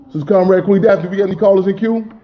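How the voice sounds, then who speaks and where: Fast-talking, impassioned male radio host. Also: high-pitched, fairly even intonation, mellow. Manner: impassioned, repeats "you know what I'm saying". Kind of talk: political talk radio monologue.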